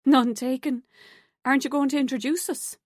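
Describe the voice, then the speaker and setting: A streetwise young woman, played by a woman narrator. Her voice is a little higher and dry-humoured. The recording is dry and close. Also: fairly even intonation, normal speed, dry recording. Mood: wry.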